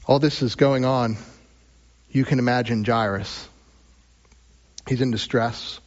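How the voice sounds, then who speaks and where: A man preaching a sermon as pastor. He moves between raised, emphatic lines and hushed, drawn-out phrases with long pauses. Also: medium pitch, fairly even intonation, highs cut off.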